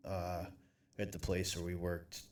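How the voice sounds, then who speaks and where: A young man on a podcast tells a long, messy story, swearing often and laughing at his own lines. His voice sits fairly low. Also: completely flat delivery, a little slow, recorded from a distance. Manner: rambling, profane, laughs through his story. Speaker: podcast co-host. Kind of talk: casual storytelling chat.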